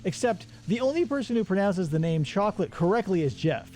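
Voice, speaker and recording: Animated sarcastic male host. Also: high-pitched, a little fast, soft background music. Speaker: radio show host. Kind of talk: casual movie-review chat.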